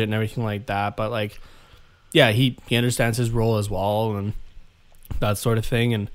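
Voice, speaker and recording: A young man co-hosting a podcast, chatting casually and retelling scenes with animated laughs. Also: lowish voice, normal speed. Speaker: podcast co-host. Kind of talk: casual chat.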